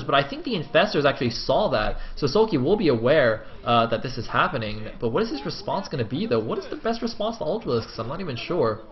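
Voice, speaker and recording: A man giving solo play-by-play commentary on a strategy game, chatty and quick, turning loud and excited in big fights. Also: on the high side. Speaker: esports caster. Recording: dull lo-fi recording.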